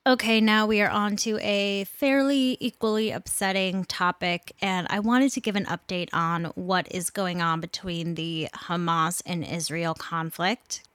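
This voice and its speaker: A woman's voice: on the low side, fairly even intonation, unhurried, hardly any pauses, a bit bright, no echo. A woman hosting a podcast, reading news commentary with an earnest, indignant delivery. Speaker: podcast host.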